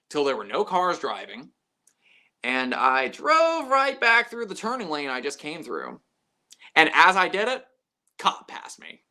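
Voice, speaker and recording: A man's voice: mid-range voice, bright, forceful tone. A man hosting a live stream, casually telling stories to his chat, swearing freely and acting out both sides of conversations.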